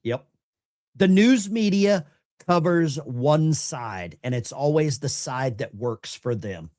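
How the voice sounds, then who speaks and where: A man hosting a live call-in show, taking callers and chatting casually in an animated, rambling way. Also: on the high side, takes it slowly.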